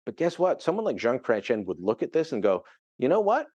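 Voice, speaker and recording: Lively middle-aged man giving commentary. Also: mid-range voice, fast talker, no room sound, lo-fi sound. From Canada. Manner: animated, conversational, mimics quoted voices. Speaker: political contributor. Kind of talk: news interview commentary.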